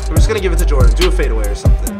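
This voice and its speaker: A man giving live commentary over a basketball video game, excitable, shouting at his players and laughing often. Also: a little high, rapid-fire, over loud music. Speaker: gaming YouTuber.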